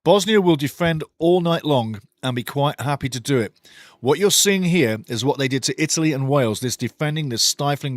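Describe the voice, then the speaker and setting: Brief: male watchalong host, excited play-by-play with low opinionated asides, fairly high voice, dry close mic. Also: no room sound. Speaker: watchalong host commentating a match. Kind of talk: live match commentary with chat replies.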